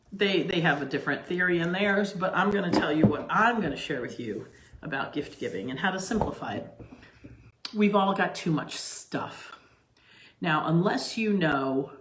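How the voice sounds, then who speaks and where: A middle-aged woman with a deep voice presents her own cooking channel from her home kitchen, chatting loosely to camera and rambling with asides and restarts. The recording has slight background noise and an echoey, roomy kitchen sound.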